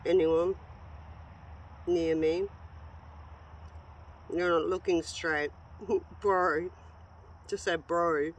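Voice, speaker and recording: A woman paranormal investigator outdoors in a cemetery, slowly calling out the words she hears in a sensory deprivation session, often exclaiming in surprise. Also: fairly low pitch, steady tone, slight background noise. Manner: slow, halting, exclaims in surprise.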